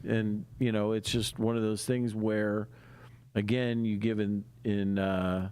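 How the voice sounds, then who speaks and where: A man's voice: fairly low pitch, little pitch movement, slow pace, a little mellow, clean tone. A man co-hosting a podcast, chatting casually and easily, with frequent fillers and laughs. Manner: easygoing, laughs often, many fillers. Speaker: podcast co-host.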